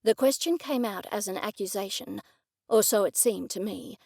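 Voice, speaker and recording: A woman narrating a first-person cozy mystery audiobook in a measured, expressive storytelling manner. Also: mid-range voice, gravelly, no echo, studio quality.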